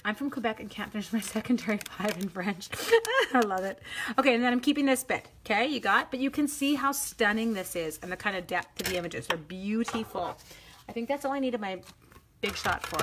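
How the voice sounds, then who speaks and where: During a live crafting demo, a middle-aged woman makes cards and chats giddily with viewers, teasing herself. She speaks briskly at medium pitch, tosses in sung la-la runs between steps, and background noise can be heard.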